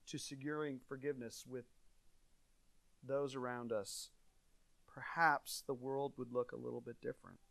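A male pastor preaches in an earnest, conversational way, rising to stress a point and sinking low and soft for reflection. His voice sits a little high for a man, and the recording is dry and close, with almost no room sound. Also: dry recording. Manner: earnest, conversational preaching with dynamic swings in volume. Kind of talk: sermon.

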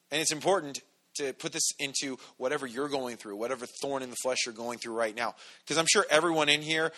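A man preaching a conversational, animated sermon to a congregation, acting out quotes as he goes. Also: fairly high pitch. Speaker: pastor. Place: church hall with congregation.

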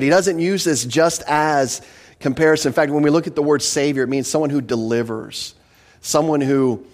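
A pastor preaching an expository sermon, earnest and emphatic, often repeating a word as he starts a phrase. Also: a little high.

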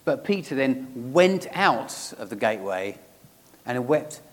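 A man's voice: medium pitch, sing-song, unhurried, long reverb tail. A man preaching a sermon, reading scripture aloud and then asking his listeners searching questions.

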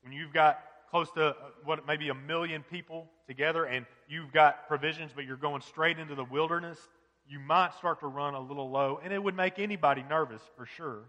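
A man preaches a sermon with earnest conviction, pressing his listeners with rhetorical questions. His voice is bright and sits a little high for a man. The recording carries the long reverb of a church hall. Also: brisk. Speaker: pastor.

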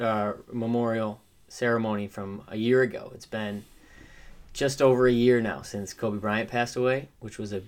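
Earnest man in podcast chat. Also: medium pitch. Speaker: podcast co-host. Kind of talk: casual chat.

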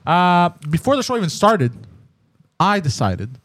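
A man's voice: high-pitched, very animated, measured pace, a bit bright, dry recording. A young man hosting a podcast in crude, joking casual chat. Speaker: podcast host.

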